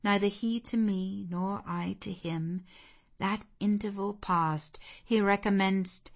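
A woman narrating a classic novel in a measured, expressive storytelling manner. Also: medium pitch, vocal fry. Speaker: audiobook narrator. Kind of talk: scripted literary narration.

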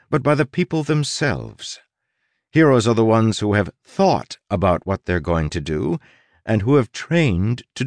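A man narrating an audiobook in a wry manner, with dramatic pauses and stretched emphasis. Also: fairly low pitch, gravelly, dry recording. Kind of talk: scripted narration.

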